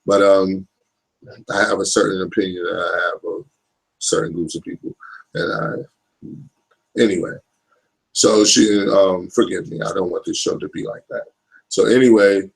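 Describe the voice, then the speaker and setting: A man in his thirties talks through a casual live stream with a gravelly, fried voice. His pitch sits fairly low. He rambles, swears freely, and keeps checking in with his listeners. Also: poor audio. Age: 30s. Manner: rambling, profane, keeps asking "you know what I'm saying". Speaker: livestream host.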